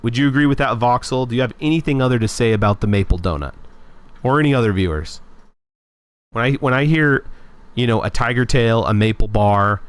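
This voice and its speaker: A young man hosting a casual live stream, talking in an animated, opinionated way and rambling with frequent restarts. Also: mid-range voice, a little fast, clean tone.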